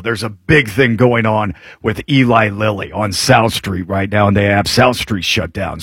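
A man's voice: lowish voice, a bit bright, husky, no echo, clean studio sound. A man talking as a traffic reporter in casual radio chat, giving practical advice and laughing often.

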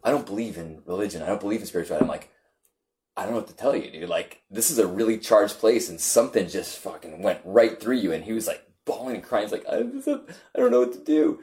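A man's voice: low voice, fast talker. A man in casual conversation, telling a story with many restarts and acting out what others said. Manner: rambling, animated storytelling with restarts and acted-out quotes. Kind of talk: casual conversation among friends.

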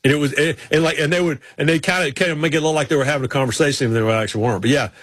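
Husky-voiced man on a sports talk show. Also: on the high side, a bit bright, dry recording. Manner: rambling, with quick restarts and folksy impressions. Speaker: radio sports show co-host. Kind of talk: casual storytelling chat.

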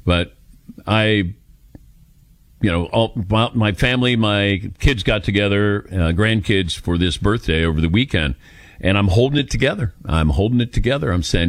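A man's voice: fairly low pitch, moderate pace, no echo. A man in his fifties hosting a radio talk show, chatting and telling stories about himself in a casual, self-deprecating way into a studio microphone.

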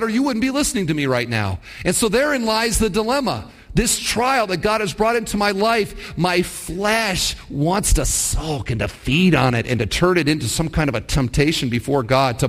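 A pastor, a man, preaching a sermon to his church, asking the congregation rhetorical questions and acting out quotes. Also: high-pitched. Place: church service.

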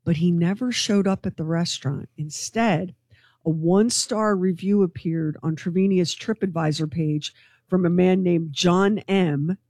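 A woman co-hosting a morning radio show, telling a news story to her co-hosts in an excitable, gossipy way. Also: lowish voice, unhurried, no room sound. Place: radio studio.

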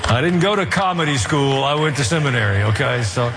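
A man's voice: lively intonation, brisk, background noise. Preaching man, long hall reverb. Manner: earnest preaching with dry asides, rising in pitch as he presses the point. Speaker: pastor. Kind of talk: sermon.

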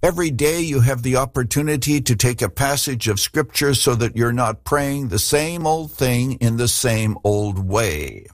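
A man's voice: mid-range voice, animated, moderate pace, few pauses, dry recording, studio quality. A man, a pastor who hosts a radio ministry, speaking to listeners in a direct, conversational way and answering their questions about faith.

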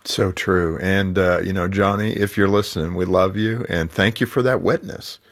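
A man's voice: low-pitched, steady tone, moderate pace. A man hosting a Christian radio talk show, earnestly encouraging listeners to pray and get in touch.

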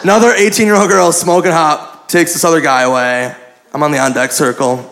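A man doing stand-up, telling a story in an animated, profane, self-mocking way. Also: on the high side, fairly quick, vocal fry. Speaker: stand-up comedian. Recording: live club with audience laughter.

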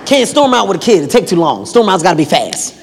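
A man's voice: high voice, very animated, fast, vocal fry, slight background noise. A man doing stand-up comedy, brash and profane, acting out scenes. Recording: reverberant venue with crowd.

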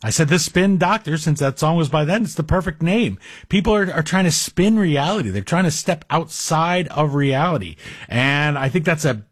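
A man's voice: a little high, lively intonation, moderate pace, breathy edge, dry recording, clean studio sound. A man guest hosting a talk radio show, chatting in a digressive, self-deprecating monologue. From Greek heritage.

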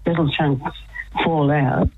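A woman's voice: sits low, fairly even intonation, takes it slowly, breathy edge. An older woman chatting as a radio guest, telling her story with eagerness and frequent laughter. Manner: enthusiastic storyteller, laughs often. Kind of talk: casual chat on radio. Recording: muffled lo-fi radio sound.

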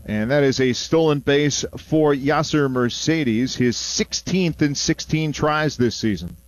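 A male play-by-play announcer on a baseball radio broadcast, his voice sitting slightly high. The sound is close and dry, straight into a booth microphone. He shifts easily between calling pitches and relaxed, chatty asides. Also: measured pace, no echo.

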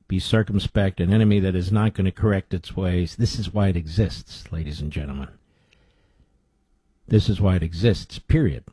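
Husky-voiced talk radio host. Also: male voice, warm tone, no room sound. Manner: emphatic, rhetorical questions, drops low for asides. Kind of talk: political talk radio monologue.

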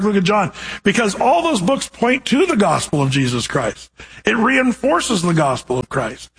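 A male pastor giving a verse-by-verse sermon. He reads scripture slowly and deliberately, then turns to address the congregation in a direct, animated way. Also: high-pitched, slightly rough, rough recording.

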